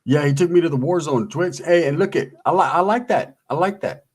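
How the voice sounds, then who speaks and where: A man's voice: a little high, fairly quick. A middle-aged man co-hosting a casual livestream, reading out chat messages and talking in streetwise slang. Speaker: livestream co-host.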